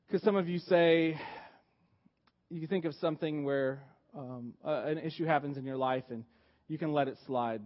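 A man preaching from the pulpit with a somewhat high voice. He moves between loud, emphatic pushes and quiet, hushed stretches. The recording sounds dull and lo-fi. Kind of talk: sermon.

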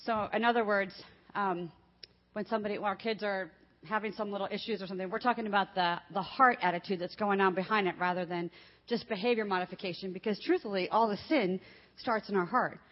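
This older woman talks from a church stage through a handheld mic, chatty and quick to laugh. Her pitch sits in a middle range. The sound is a little dull and muffled. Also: steady tone. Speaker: guest speaker. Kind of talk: sermon testimony. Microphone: handheld microphone.

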